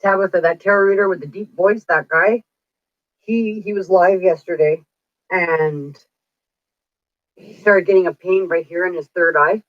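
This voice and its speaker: Her voice is fairly low and steady, moving at a moderate pace with frequent pauses. She is a psychic livestreamer in her forties, telling stories casually in a chatty, rambling manner and acting out dialogue. The audio is dry, dull and lo-fi, without room sound.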